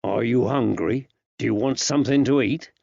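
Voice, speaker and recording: A man reading an audiobook, voicing a steady police detective who speaks in a firm, soothing, reassuring way, a touch raised and louder than his narration. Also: medium pitch, moderate pace, gravelly, dry recording, dull audio. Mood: kindly.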